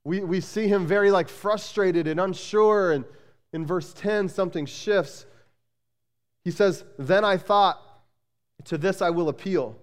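Male pastor, sermon, higher-pitched and smooth, loose conversational delivery full of restarts, echoing church sanctuary. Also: measured pace. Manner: conversational, repeats "like" and restarts often. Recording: long hall reverb.

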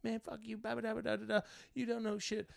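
Guy putting on a squeaky drunk young heckler, yelling insults, looking for a fight. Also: monotone, fairly quick, vocal fry, no echo, clean studio sound. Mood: belligerent. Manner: belligerent, shouting insults.

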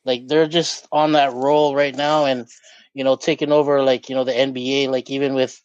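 A man's voice: medium pitch, little pitch movement, normal speed, clean tone, no room sound. A man co-hosting a casual podcast, rambling with lots of "like" and "you know". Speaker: podcast co-host. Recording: dull lo-fi mic.

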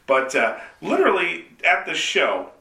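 A man's voice: fairly high pitch, wildly swooping pitch, unhurried, creaky, sharp tone. A man co-hosting a casual comedy podcast, telling stories and acting out the people in them. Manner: storytelling, acts out other people in quotes. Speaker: podcast co-host. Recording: echoey room.

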